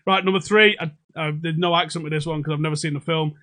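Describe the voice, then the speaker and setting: A man's voice: fairly high pitch, fairly even intonation, fast, few pauses, sharp tone. A young man hosting a pub quiz livestream from home, jokey and sweary as he reads out comments on a desk microphone. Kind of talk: casual livestream banter.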